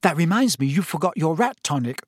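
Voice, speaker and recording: A man doing a brisk, bossy teenage girl. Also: a little high, expressive, slightly rough, no room sound, clean studio sound. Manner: brisk, reassuring, slightly scolding. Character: sharp, bossy schoolgirl witch, teenage.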